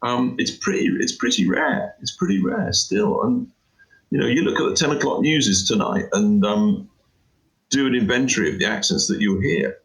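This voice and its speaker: A man's voice: mid-range voice, very animated, moderate pace, creaky, poor audio. A middle-aged man, an interview guest who talks about his work in an emphatic, rambling way and says "you know" often. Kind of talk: casual interview chat.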